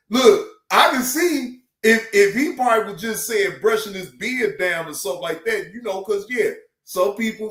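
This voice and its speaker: A man hosting a live stream, talking in a loose, animated and profane way with bursts of loud laughter. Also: high voice, echoey room. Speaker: host. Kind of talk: casual live-stream chat.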